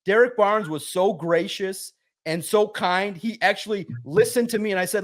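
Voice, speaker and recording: A high-energy man, a sports writer guest, telling a lively story and acting out the voices in it. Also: moderate pace. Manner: high-energy, acts out quotes loudly. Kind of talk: animated storytelling.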